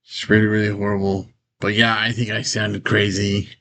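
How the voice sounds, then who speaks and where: A man's voice: lowish voice, monotone, moderate pace, fairly bright tone. A man telling a rambling personal story straight to his own camera in a casual vlog, with many fillers and the odd nervous laugh.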